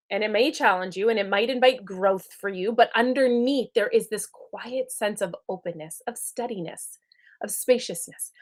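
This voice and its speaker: Woman in her thirties, spiritual teacher, earnest, chatty, somewhat high voice. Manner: earnest, conversational, checks in with "right?".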